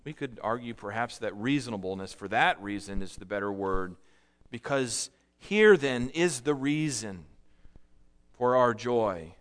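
A man preaching a sermon in an earnest, measured way, stressing key phrases and often repeating himself. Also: mid-range voice, lively intonation. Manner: earnest, measured preaching with frequent repetitions and restarts. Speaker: pastor.

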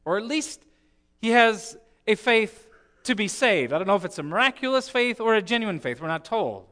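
Guy preaching a sermon, really high bright voice, storyteller, goes quiet then punches it. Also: animated, normal speed. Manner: storytelling, swings from hushed to emphatic.

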